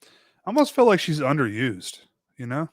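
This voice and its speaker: A man co-hosting a movie podcast, chatting in a relaxed way with short reactions and questions. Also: on the high side, moderate pace, no echo, studio quality. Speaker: podcast co-host. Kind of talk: casual movie discussion.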